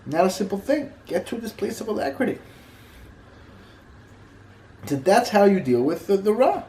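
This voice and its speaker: A man giving an informal Torah class, talking in halting bursts that repeat and restart his phrases. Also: high voice, very animated, warm tone, reverberant, rough recording. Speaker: Torah teacher.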